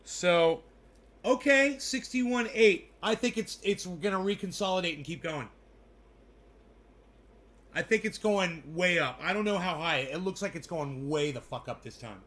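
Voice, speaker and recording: A man with a high, bright voice doing casual live commentary for his viewers. He rambles, swears freely and talks loosely to his chat. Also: expressive, unhurried. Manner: rambling, profane, talking to chat. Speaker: crypto livestreamer.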